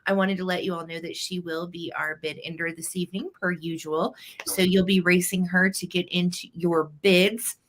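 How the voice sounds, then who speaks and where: A woman's voice: fairly low pitch, fairly even intonation, normal speed, fairly bright tone, a little hiss or hum. A woman hosting a live vintage sale stream, chatting casually and greeting viewers by name.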